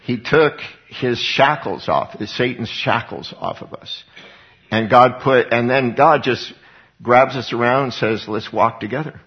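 Male pastor, husky voice, mid pitch, earnest conversational sermon, muffled lo-fi sound. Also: a little slow. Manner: earnest, conversational preaching with repeated words.

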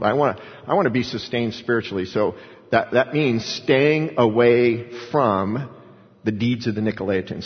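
A man preaching a sermon with passion, telling stories and rising into fervent appeals. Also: medium pitch. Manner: impassioned preaching with storytelling. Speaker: pastor. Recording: muffled sound with long hall reverb.

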